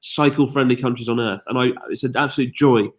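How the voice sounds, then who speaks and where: A tired British man hosting a live-stream Q&A, briskly reading out viewer questions and answering them in casual chat. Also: mid-range voice. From United Kingdom. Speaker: YouTube host.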